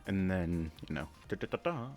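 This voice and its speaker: A man casually talking through a flight simulator game, thinking aloud with many pauses and filler words, and breaking into sudden excited outbursts. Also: deep voice, soft background music. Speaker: flight sim gamer. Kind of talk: casual gameplay commentary.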